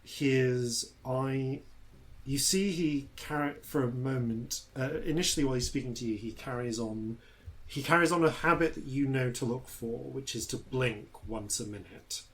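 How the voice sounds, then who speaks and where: A man narrating a tabletop game as its dungeon master, unhurried and halting, with many fillers. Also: mid-range voice, rough recording.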